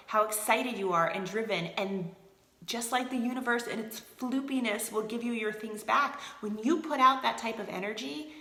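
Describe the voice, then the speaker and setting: A woman's voice: medium pitch, vocal fry, pushed and bright, reverberant. A woman leading a sales team, chatting casually and energetically in a motivational live video, answering viewers by name. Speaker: team leader of a direct sales group.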